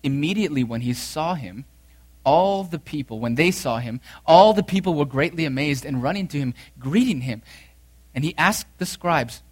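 A man preaching a sermon in a fairly high voice. He reads scripture aloud and drives his points home by repeating key phrases. His delivery is earnest and swings between loud emphasis and quiet intensity. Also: expressive, moderate pace. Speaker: pastor.

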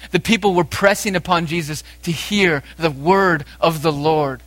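A man preaching a sermon, speaking with emphasis and moving between raised exhortation and quiet, intense passages. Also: a little high, normal speed, dry recording.

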